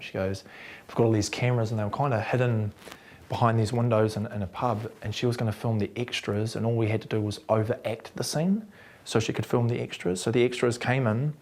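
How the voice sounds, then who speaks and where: A man with a New Zealand accent, an actor telling anecdotes in an interview and acting out what others said. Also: fairly low pitch. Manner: animated, acts out quotes of others.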